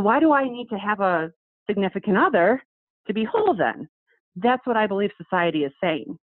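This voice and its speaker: A woman talks in casual conversation as a podcast guest, emphatic and quick to act out what others say to her. Her voice comes through thin and phone-like, with a dry, close sound. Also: mid-range voice, dry recording.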